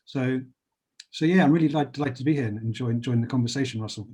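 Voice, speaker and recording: A man raised in London, with the accent to match, talking on a video-call panel. His voice is a little husky, and he speaks in an upbeat, chatty way, stumbling over restarts and "um"s. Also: medium pitch, fast, darkish tone. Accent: London English.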